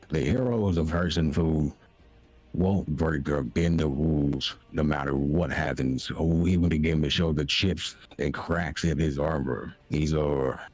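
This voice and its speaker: A man voicing a grandiose, menacing male villain in a tabletop role-play game, with a gravelly, husky voice. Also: extremely low pitch, darkish tone, dry recording, full character voice. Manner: slow grandiose villain monologue.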